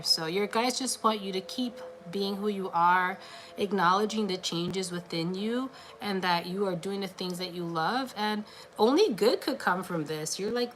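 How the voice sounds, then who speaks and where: Woman, tarot reader, casual livestream reading, encouraging, chatty, somewhat low voice. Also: fairly bright tone. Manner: chatty and encouraging, many filler "like"s.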